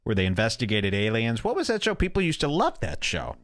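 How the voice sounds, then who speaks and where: A man's voice: mid-range voice, wildly swooping pitch, a little fast. Rambling, crude-joking male podcast host. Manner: rambling, crude, sarcastic jokes. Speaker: show host. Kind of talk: casual podcast commentary.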